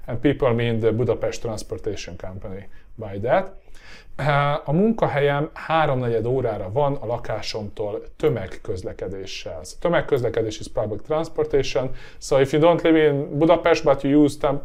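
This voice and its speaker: A native Hungarian man with a Hungarian accent teaches a language lesson, his mid-range, darkish voice animated but turning slightly hoarse and tired. He often checks in with a rising "yeah?" and fills pauses with "uh."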